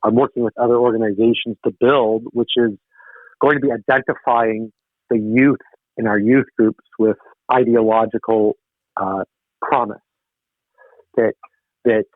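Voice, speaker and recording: A middle-aged man from Canada, a guest on a podcast interview, talking in a rambling, animated way with many restarts. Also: medium pitch, a little slow, pauses often, no echo. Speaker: guest, political missionary. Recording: tinny phone line, dry.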